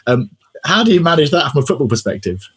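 A man's voice: a little high, sing-song, quick pace, fairly bright tone, slightly rough. A man hosting a casual podcast, chatty and joking as he asks long questions. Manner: chatty, joking, mimics people. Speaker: podcast host.

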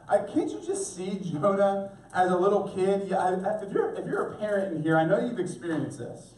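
A man preaching a sermon as pastor, animated, acting out voices for humor. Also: on the high side, moderate pace. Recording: echoey room, voice from a distance.

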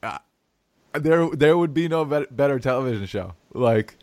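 A man's voice: medium pitch, expressive, normal speed, darkish tone, no echo. A man hosting a casual sports podcast, laughing often and restarting his sentences. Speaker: podcast host.

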